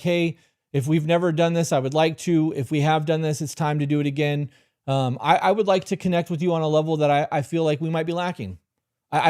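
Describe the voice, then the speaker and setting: A man's voice: fairly high pitch, darkish tone, dry recording, studio quality. A man hosting a live stream, giving blunt, profane relationship advice and answering chat questions directly. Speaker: host.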